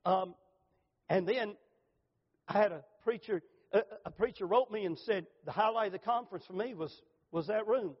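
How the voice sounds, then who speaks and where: A middle-aged male pastor delivers a fervent sermon in a high voice, pressing hard on key phrases before softening to a hushed altar call. The sound rings with long reverb in a church sanctuary. The recording is dull and lo-fi. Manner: fervent preaching, rising emphatic pitch, hushed at invitation.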